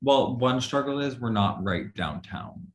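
A man's voice: mid-range voice, lively intonation, a little slow. A young man chatting casually as a guest, blunt and swearing, laughing mid-sentence. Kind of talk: casual chat.

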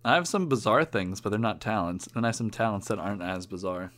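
A man's voice: fairly low pitch, quick pace, a bit bright, slight background noise. A young man co-hosting a casual chat over a call, offhand with dry jokes. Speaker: podcast co-host.

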